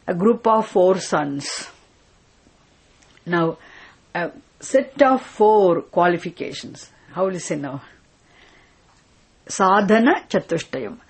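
A woman's voice: mid-range voice, slightly rough. A woman teacher explaining a scripture text word by word, patiently repeating terms and checking with her students.

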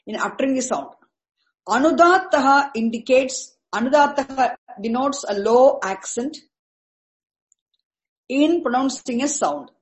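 High-pitched woman teaching Vedic chant. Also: poor audio. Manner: patient, repetitive, restarts words and spells out terms slowly. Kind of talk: explaining Vedic chanting accents to a class.

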